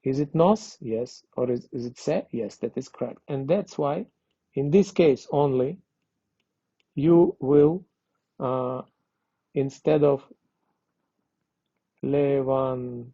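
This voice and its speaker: A man's voice: mid-range voice, slow, gravelly, long pauses, dark tone, husky, dry recording. A man teaching a language lesson, explaining grammar patiently and checking understanding with frequent questions. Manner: patient, repeats and checks with "okay?". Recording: dull lo-fi dry recording.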